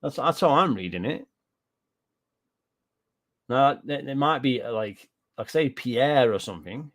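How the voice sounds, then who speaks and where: A British man in the middle of a gaming-news rant, with a voice pitched squarely in the middle range. He swears freely, circles back over the same points and breaks off to answer people in his chat. The delivery stays loose and conversational. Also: animated, measured pace. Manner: ranting, profane, repeats himself, answers live chat. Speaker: gaming commentator. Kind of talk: casual reaction commentary.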